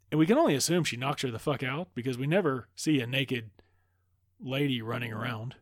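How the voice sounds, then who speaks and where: A man loosely retelling a film plot in a casual, profane ramble. His voice sits at an ordinary middle pitch. The sound is dry and close, with no room around it. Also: no echo. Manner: loose, rambling, swears freely. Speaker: movie recap host. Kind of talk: casual profane movie recap.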